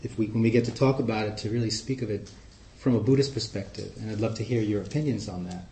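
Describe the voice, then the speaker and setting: A man with a New York accent, giving a relaxed, chatty talk to a group as guest speaker. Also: on the low side, fast. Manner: relaxed, chatty, warm humor. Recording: echoey room.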